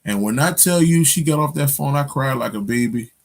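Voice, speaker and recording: A man of medium pitch talking straight to his viewers in a loose, rambling storytelling style. His speech is thick with street slang, profanity, fillers and false starts, and he keeps checking in with his listeners as he goes. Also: animated, a little fast, creaky. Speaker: spiritual channel host. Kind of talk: casual storytelling monologue.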